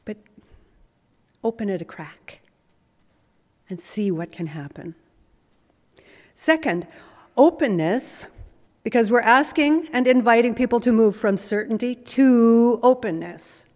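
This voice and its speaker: A woman preaches a sermon in a church at a slow, deliberate pace, pausing often and repeating her key words. Her voice sits fairly high, and the long reverb of a large hall lingers behind each phrase. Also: a little mellow. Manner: measured, with frequent pauses and repetition. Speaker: pastor.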